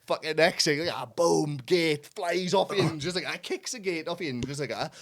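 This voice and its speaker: A man's voice: fairly high pitch, moderate pace, crowd noise. A man telling rambling, sweary stories in casual pub chat, laughing through his own tales. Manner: sweary rambling storyteller, laughs mid-sentence. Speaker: podcast co-host.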